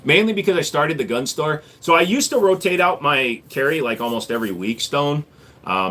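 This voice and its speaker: A man's voice: medium pitch, fairly bright tone. Blunt sarcastic man hosting a live stream. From Korea. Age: 40s. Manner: blunt, sarcastic, reading chat aloud. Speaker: livestream host. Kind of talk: casual live stream chat.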